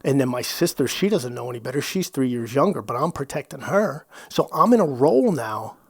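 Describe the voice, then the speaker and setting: Man, middle-aged, candid interview guest, animated storyteller, frequent restarts, dry close mic. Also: medium pitch, a little fast, dry recording. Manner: animated, restarts phrases, drops into quoted asides. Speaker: podcast guest.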